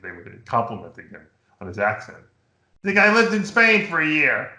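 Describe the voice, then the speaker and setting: A middle-aged man from New York hosting a show, chatting casually and telling rambling, animated stories. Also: fairly high pitch, normal speed, reverberant. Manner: rambling, animated storytelling with impressions. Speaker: podcast host. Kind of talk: casual chat.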